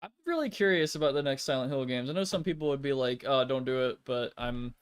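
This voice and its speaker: Smooth-voiced rambling streamer guy. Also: mid-range voice, animated, fast talker. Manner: rambling, heavy swearing, lots of "like" fillers. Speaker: streamer host. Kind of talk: casual gaming stream chat.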